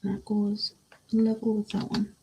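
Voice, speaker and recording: A woman's voice: mid-range voice, monotone, measured pace, darkish tone, slightly rough. A woman chatting casually on a live stream, reading out chat messages while she builds a model kit at her desk.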